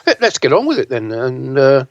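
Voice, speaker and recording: A man's voice: medium pitch, wildly swooping pitch, moderate pace, no room sound. A man co-hosting a casual podcast, wry and dry, often repeating his words. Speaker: podcast co-host, news site editor. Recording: dull dry recording.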